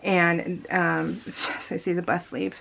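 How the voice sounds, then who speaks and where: A woman's voice: on the low side, flat delivery, slow pace, creaky, fairly bright tone, a little hiss or hum. A woman telling a long story in a casual, rambling voice-over for her scrapbooking video, talking straight to her viewers with many fillers and restarts. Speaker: scrapbooking vlogger.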